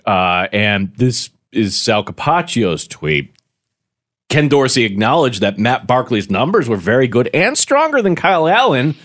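A man's voice: mid-range voice, fairly bright tone. A man co-hosting a sports talk show, bantering in a wry, playful way. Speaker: sports radio co-host.

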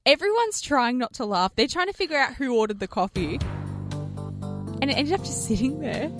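A woman's voice: high voice, a little fast, music in the background. A woman co-hosting a radio show, telling a story in casual chat and acting out what people said. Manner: animated storyteller, acts out quotes. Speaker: radio co-host.

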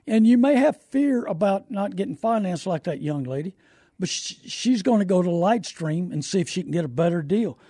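A man hosts a call-in radio show in a folksy, preachy, down-to-earth manner. His voice sits high, with a gravelly, dark edge. The sound is dry and close. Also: expressive, moderate pace, no echo.

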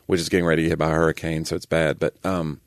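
A middle-aged man chatting casually as a podcast co-host, telling stories with quick asides. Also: very deep voice, flat delivery, dry recording, studio quality. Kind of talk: casual chat.

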